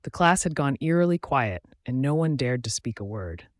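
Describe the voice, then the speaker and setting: A man reading a first-person story aloud in a steady, matter-of-fact way. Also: mid-range voice, moderate pace, no echo, clean studio sound. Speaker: narrator. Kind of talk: scripted narration.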